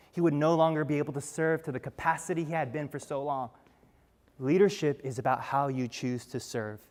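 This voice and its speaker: A man speaks from a stage, telling stories in an earnest way and turning to the audience with rhetorical questions. His voice sits a little high for a man. A long reverb trails each phrase, as in a large hall. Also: a little mellow. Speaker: speaker giving a talk. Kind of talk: storytelling talk.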